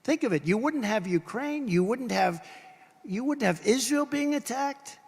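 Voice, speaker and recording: A man's voice: very high voice, animated, a little slow, vocal fry, slightly rough. An older man giving an emphatic campaign rally speech, hammering home points in punchy repeated lists. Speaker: political candidate at a rally. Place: large rally venue. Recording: long reverb from a large venue.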